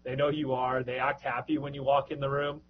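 A man's voice: mid-range voice, flat delivery, fast, narrow, tinny audio, slight background noise. A man co-hosting a casual podcast, telling rambling, joking stories about players he has worked with. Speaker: podcast co-host, minor league broadcaster.

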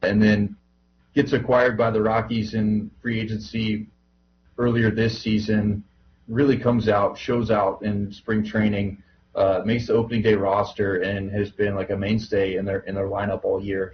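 A man with a lowish voice chats easygoingly on a podcast, dropping plenty of fillers as he goes. The recording is dull and lo-fi, with faint background noise. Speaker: podcast co-host, minor league broadcaster. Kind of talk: casual podcast chat.

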